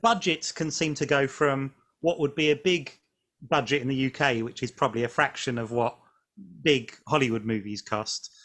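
A man's voice: mid-range voice, moderate pace, a bit bright. A man interviewing a director, thinking aloud and restarting his questions as he goes.

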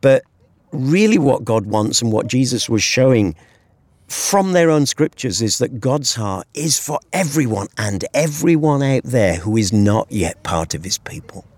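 A man's voice: medium pitch, big pitch swings, a little slow, darkish tone, no echo. A British man explaining a Bible story in an earnest, conversational way on a hilltop, with rhetorical asides. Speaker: Bible teacher guest. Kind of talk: outdoor conversational Bible teaching. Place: hilltop cliff edge outdoors.

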